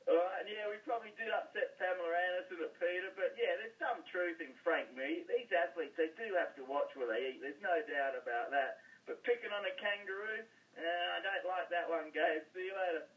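A blunt, colloquial man with an Australian accent, talking sports as a guest. His voice sits quite high, and it reaches the listener over a dull, muffled phone line that sounds far from the mic. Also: brisk, hardly any pauses. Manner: blunt, colloquial, calls people mate. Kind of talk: casual sports chat.

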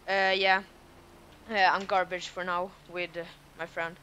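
This streamer has a high, sharp voice with a level tone, and he speaks unhurriedly. Role-playing a garbage collector in a game, he playfully swaps between put-on accents in slightly broken English. The highs are cut off, with a little hiss or hum.

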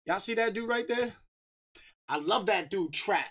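Male streamer, laid-back and upbeat, rattling off shout-outs to chat on a desk mic. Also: high-pitched, expressive, a little slow. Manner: upbeat, shouting out viewers by name. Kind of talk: casual livestream chat.

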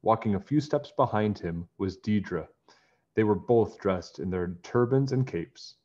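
Male reader, children's storybook narration, low voice, dull lo-fi sound. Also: lively intonation, measured pace, darkish tone. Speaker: narrator reading a children's book. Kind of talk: children's book read-aloud.

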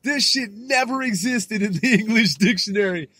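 A man's voice: high-pitched, normal speed, bright, forceful tone, husky, no room sound. A man in his thirties hosting a solo podcast, rambling in loose, profane slang and laughing at himself as he reads things aloud. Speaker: podcast host.

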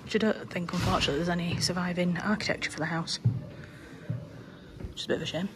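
A woman's voice: lowish voice, fairly even intonation, fast talker, over music. Chatty Yorkshire woman vlogging. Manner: chatty and enthusiastic, hushed in the museum. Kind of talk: casual chat to camera. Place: historic house and grounds on a day trip. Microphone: handheld camera.

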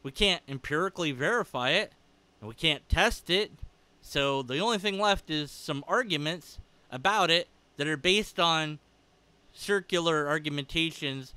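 Man, sharp and clear-voiced, sarcastic rebuttal commentary, slightly higher pitch. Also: normal speed, no room sound. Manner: sarcastic, argumentative, with laughs. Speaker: video creator responding to a critic.

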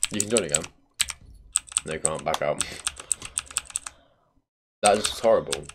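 A man's voice: rumbling low, measured pace, heavy background noise. A man streaming a video game, chatting casually with swearing and teasing banter. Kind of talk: casual gaming stream chat. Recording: loud keyboard clicking behind.

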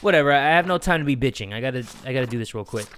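A man giving excitable let's play commentary on a video game, with profane, loud outbursts. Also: mid-range voice, racing, slight background noise. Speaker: gaming video host.

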